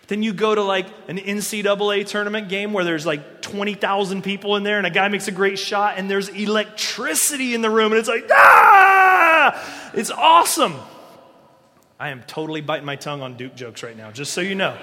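A man preaching a sermon as pastor, talking in a conversational, animated way and acting out the voices he quotes. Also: sits high, fast talker, few pauses, a little hiss or hum. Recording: long reverb of a large hall.

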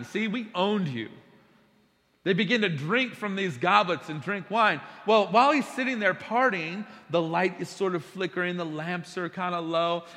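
A man preaching a sermon, telling stories with big swings between hushed, slow passages and loud bursts. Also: high-pitched, big-room sound.

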